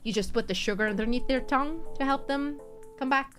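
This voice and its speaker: Woman streamer, high and lively, chatty and giggly, soft music underneath. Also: brisk. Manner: rambling, chatty, laughs often. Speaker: virtual streamer. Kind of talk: casual chat stream.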